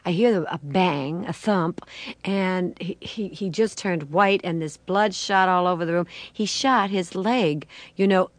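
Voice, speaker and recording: An older woman, a guest, telling a long story with animated, acted-out voices and laughter. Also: fairly low pitch, unhurried, dry recording.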